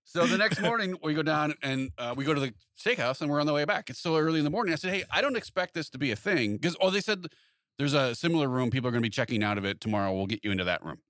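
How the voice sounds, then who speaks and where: Fast-talking man telling a story. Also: fairly high pitch, dry recording, studio quality. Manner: animated anecdote-telling, acts out quoted exchanges. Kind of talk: casual chat.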